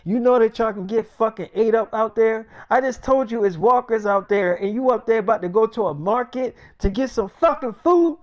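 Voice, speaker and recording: A brash, bossy male survivor shouting crude, repeated demands with a raised, excited voice, as a man puts him on while telling a story. He sounds casual and rough. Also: a little high, unhurried, natural voice. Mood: scolding. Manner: profane, loud, insistent repetition.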